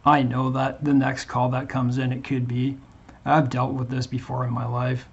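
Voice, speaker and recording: A man talking earnestly to his viewers as a Christian channel host, in a halting way with frequent restarts. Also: mid-range voice, completely flat delivery, gravelly, breathy edge, highs cut off. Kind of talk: earnest casual monologue to viewers.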